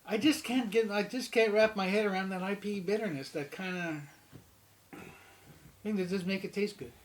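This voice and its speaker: A man's voice: high-pitched, moderate pace, a little hiss or hum. A man from Canada co-hosting a casual beer-tasting chat, cracking goofy jokes and wordplay. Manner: joking, goofy asides and wordplay. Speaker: co-host of a beer tasting show.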